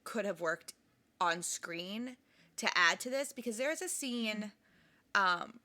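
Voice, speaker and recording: A woman's voice: medium pitch, animated, takes it slowly, pushed and bright. A woman co-hosting a podcast, chatting casually about a book and its film, laughing often and trailing off mid-sentence. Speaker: podcast co-host.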